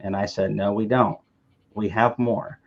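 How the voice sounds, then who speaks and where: A man's voice: on the low side, level tone, unhurried, dull audio. A man from the American South telling rambling, joking stories in a casual chat, often restarting his words.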